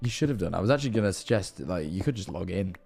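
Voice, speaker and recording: A man's voice: sits low, animated, very fast, gravelly, darkish tone, soft background music. A young man hosting a live stream, chatting in a laid-back way and muttering through numbers as he reads donations. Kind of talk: casual live-stream chat.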